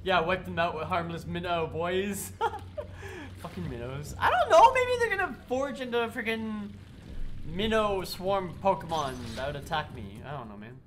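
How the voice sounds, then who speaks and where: A man's voice: high voice, big pitch swings, normal speed, slight background noise. A man streaming a game live while sick, chatting to viewers and swearing at the game. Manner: swears and yells at the game, chats with chat. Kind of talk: live gameplay commentary.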